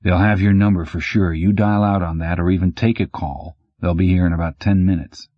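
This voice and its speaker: Casting: laconic ex-cop, read by a man, very deep, husky voice, dull lo-fi recording. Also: steady tone, brisk, no room sound. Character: laid-back ex-cop man.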